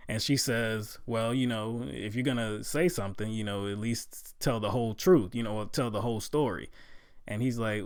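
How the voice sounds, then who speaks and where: A man with a fairly low voice talks through political commentary in a casual, filler-heavy way. He climbs into loud disbelief when he gets worked up. The sound is dry and close, with no room around it. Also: normal speed, clean tone, dry recording. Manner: conversational with many fillers, gets loud and incredulous.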